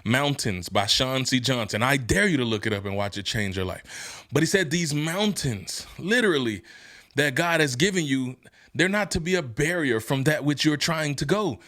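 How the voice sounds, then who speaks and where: A man hosting a motivational podcast, talking in casual slang and laughing often, building from easygoing storytelling into shouted, fired-up preaching. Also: medium pitch, expressive, moderate pace. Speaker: podcast host and motivational speaker.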